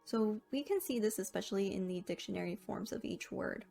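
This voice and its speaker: A woman narrating a scripted language lesson, explaining rules clearly and slowing down to sound out each example word. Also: mid-range voice, mellow, soft background music. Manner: clear, careful explanation with slow, drawn-out example words. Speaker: language teacher.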